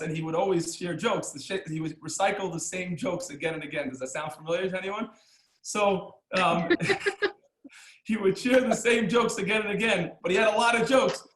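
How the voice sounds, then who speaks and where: Rabbi guy telling jokes and stories to his class, kinda high voice, chuckles a lot, echoey room. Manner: animated, chuckling storyteller who acts out the characters' lines. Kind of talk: storytelling lesson with jokes.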